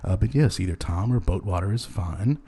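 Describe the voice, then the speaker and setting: A man hosting a loose comedy podcast, rambling deadpan with many hesitations and chuckling at his own jokes. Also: deep voice, normal speed, breathy edge. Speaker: podcast host.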